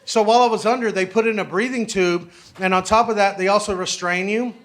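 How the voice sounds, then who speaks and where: A man's voice: high-pitched, steady tone, fairly quick. A young man doing a stand-up set, telling a story with brash, profane punchlines. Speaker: stand-up comedian.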